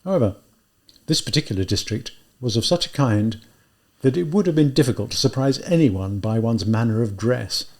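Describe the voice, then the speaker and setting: A man reading a classic novel aloud as an audiobook, in measured, deliberate narration. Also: medium pitch, expressive, a little mellow. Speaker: audiobook reader. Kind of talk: scripted narration.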